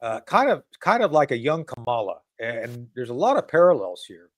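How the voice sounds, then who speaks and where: A man's voice: medium pitch, very animated, normal speed. A man hosting a casual political talk show. He rambles and mocks, with many restarts and asides.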